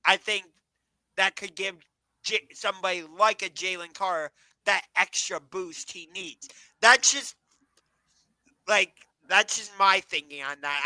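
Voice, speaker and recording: A man with a high, sharply bright voice recorded dry and close. He co-hosts a casual sports podcast, hedging with frequent ums and tossing questions back to his partner. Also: no room sound, low-quality recording. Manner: hesitant, many ums, questioning. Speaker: podcast co-host.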